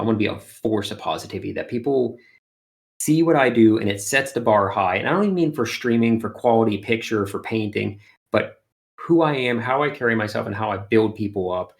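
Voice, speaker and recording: A man chatting as an interview guest, an energetic storyteller who uses lots of fillers. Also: lowish voice, quick pace, creaky. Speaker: guest, art streamer. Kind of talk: casual interview chat.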